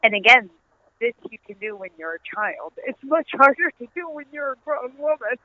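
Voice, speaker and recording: A woman's voice: on the high side, expressive, moderate pace, dry recording. Dutch-accented woman over a tinny phone line. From Netherlands. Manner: earnest, storytelling, laughs easily. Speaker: author and interview guest. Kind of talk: conversational interview.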